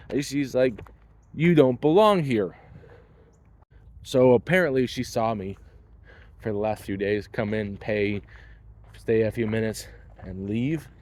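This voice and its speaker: A man's voice: fairly low pitch, a little mellow, a little hiss or hum. A man in his thirties telling a personal story in a blunt, wry, casual way. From Canada. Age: 30s.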